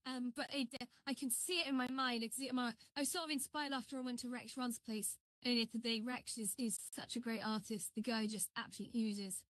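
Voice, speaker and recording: A woman's voice: fairly high pitch, fairly even intonation, a little fast, fairly bright tone, no room sound. A woman chatting on a live stream as she builds, rambling and greeting viewers while she works. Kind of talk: casual live-stream chat.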